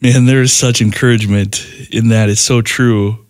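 A man's voice: on the low side, fairly even intonation, normal speed. Effusive male radio host. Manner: warmly enthusiastic, effusive praise. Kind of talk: radio interview.

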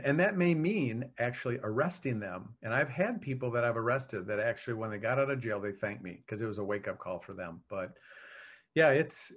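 A man in law enforcement answering interview questions in an earnest, measured way. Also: medium pitch, fairly bright tone. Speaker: law enforcement officer, guest.

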